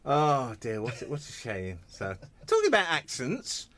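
A man's voice: medium pitch, normal speed. A man hosting a hospital radio show, chatting casually and joking with his guests in the studio. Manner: chatty, jokey, lively. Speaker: radio host.

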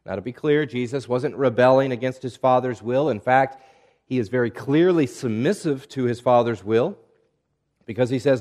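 A man preaching a sermon in a measured, reflective way, asking rhetorical questions of his listeners. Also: medium pitch, darkish tone. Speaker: pastor.

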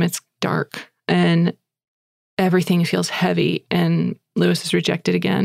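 A woman's voice: fairly low pitch, little pitch movement, normal speed, creaky, darkish tone, dry recording, studio quality. A woman hosting a podcast who retells a story in a chatty, breathless way, with fillers like "like" and "you know". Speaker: podcast host. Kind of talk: casual storytelling.

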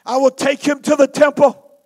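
Fervent pleading mother making a vow, voiced by a high-pitched male preacher. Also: completely flat delivery, normal speed, a little mellow. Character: devoted praying mother vowing her son.

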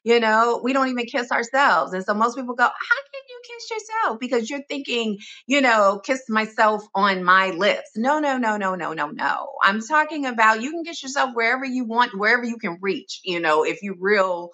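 A woman speaking as a self-love expert in a podcast interview, expressive and animated, sometimes dropping to a soft reflective tone. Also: fairly high pitch, moderate pace, hardly any pauses. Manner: animated and expressive, acting out inner voices with laughs.

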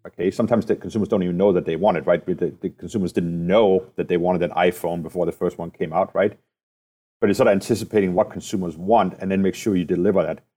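Low-voiced man explaining, tag-questioning. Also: fairly even intonation, fast, warm tone. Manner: explanatory, often ends points with tag questions. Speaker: guest, company president. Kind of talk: conversational interview.

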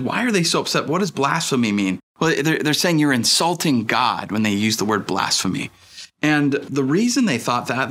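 A male pastor preaching a sermon in a conversational, storytelling way, with lively asides to the congregation. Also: mid-range voice.

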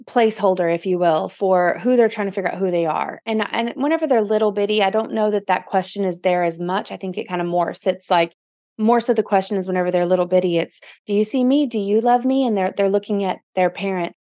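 A woman's voice: mid-range voice, steady tone, quick pace, dark tone, no room sound, studio quality. A woman hosting a podcast, talking in an earnest, reflective and encouraging way. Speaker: podcast host. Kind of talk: casual podcast interview.

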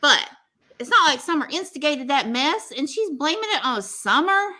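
Bright-voiced Southern woman gossiping. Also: high voice, moderate pace. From Southern US, Texas. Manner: animated gossip, acts out quotes in funny voices. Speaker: podcast co-host. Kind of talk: casual chat.

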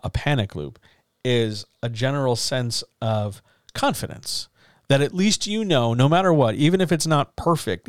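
A man coaching writers in a loose, candid chat, with middle-range pitch and a calm, reassuring way of talking. He swears casually and keeps things frank. The recording sounds close and dry, with no room around it. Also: no echo. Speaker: writing coach. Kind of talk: casual writing advice talk.

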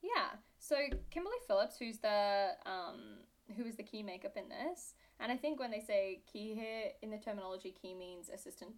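A woman's voice: medium pitch, expressive, moderate pace, hardly any pauses. A young woman from Britain with a British accent that drifts toward Australian, co-hosting a podcast in casual, sarcastic, giggly chat. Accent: British English, drifting toward Australian. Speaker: podcast co-host.

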